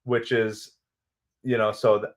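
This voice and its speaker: A man's voice: on the low side, flat delivery, slow pace. A man hosting a live baseball watch-party stream, chatting casually with viewers in an upbeat way and laughing often. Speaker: livestream host and baseball commentator.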